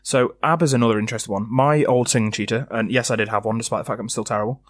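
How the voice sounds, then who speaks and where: A man's voice: medium pitch, steady tone, very fast, no room sound. A man co-hosting a casual music podcast, blunt and opinionated. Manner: blunt, opinionated, hums riffs aloud. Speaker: podcast co-host. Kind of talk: casual chat about music.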